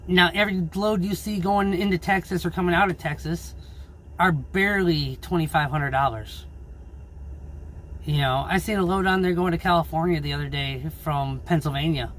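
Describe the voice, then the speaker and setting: A man who drives his own truck, ranting angrily and swearing in a casual vlog about low freight rates. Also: moderate pace, fairly bright tone, a little hiss or hum. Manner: angry, swearing, frustrated. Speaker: owner-operator truck driver.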